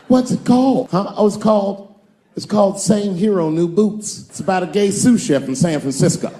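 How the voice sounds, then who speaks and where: A man's voice: a little high, in a large hall. A man performing a stand-up comedy routine on stage, telling stories and acting out other voices. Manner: animated storytelling, acts out other voices. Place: stage before a live audience.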